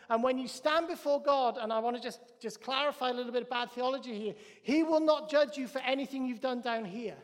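A man's voice: very high-pitched, long reverb tail. A Welsh man preaching a sermon in a church, emphatic and repeating his phrases in threes.

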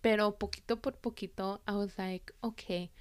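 A young adult woman hosting a casual podcast, reading tarot cards and talking about her life in a relaxed, personal way, slipping between English and Spanish. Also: medium pitch, slow, clear, resonant tone. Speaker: podcast host.

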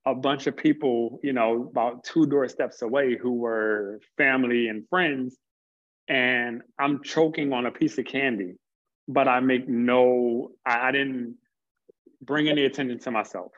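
A man's voice: mid-range voice, fairly even intonation, a bit bright, highs cut off. A man speaking earnestly as an interview guest, reflecting at length and sometimes stumbling over his words. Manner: earnest, stumbles on words, builds points slowly. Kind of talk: reflective conversation.

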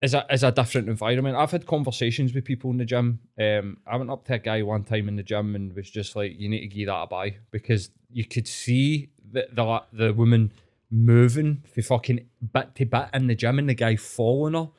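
A man's voice: mid-range voice, a little fast. A young man with a Glaswegian Scottish accent, telling stories in casual chat with heavy swearing. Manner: sweary, animated storytelling.

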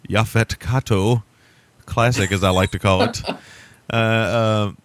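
Low-voiced man in rambling movie chat. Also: steady tone, measured pace, dry recording. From America. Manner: rambling, profane, laughs often. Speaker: podcast host.

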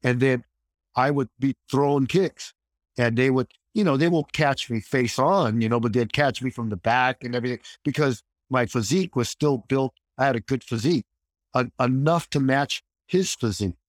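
Brief: man, mid-range voice, animated storyteller who voices the people in his tale, recorded dry and close. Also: medium pitch, moderate pace, no room sound. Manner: lively storyteller who acts out quoted dialogue, many restarts. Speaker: actor and martial artist guest. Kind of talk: anecdotal interview storytelling.

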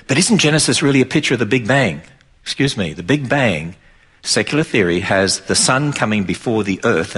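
A man's voice: lowish voice, fairly bright tone, breathy edge. A middle-aged man with an Australian accent preaching to an audience in an emphatic, driving way. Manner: emphatic, rises sharply for mocking quotes. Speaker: Christian speaker.

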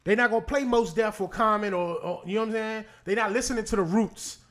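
A man's voice: sits high, quick pace, a bit bright. A man in casual podcast chat, arguing his point with profanity and rhetorical questions.

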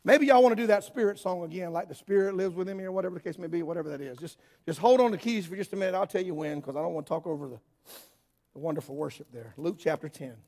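A man preaching a sermon in a church hall, swinging between yelling and quiet asides. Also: on the high side, fast. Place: church hall with worship band.

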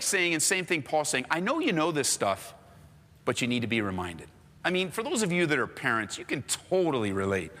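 A male pastor preaching a sermon in an animated, conversational storytelling manner. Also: on the high side, in a large hall.

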